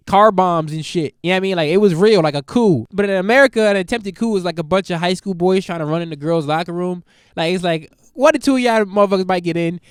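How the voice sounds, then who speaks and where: A man hosting a solo comedy podcast, rambling loosely and swearing freely. His voice sits fairly high, smooth and resonant. The sound is close and dry. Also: dry recording. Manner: rambling, profane, laid-back. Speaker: podcast host.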